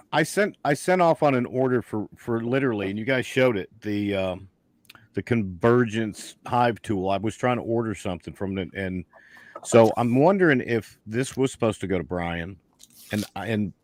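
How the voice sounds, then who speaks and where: A man's voice: lowish voice, animated, normal speed, no echo. A man, chatting on a video call as a guest beekeeper and telling rambling stories with many restarts. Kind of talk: casual chat on a video call.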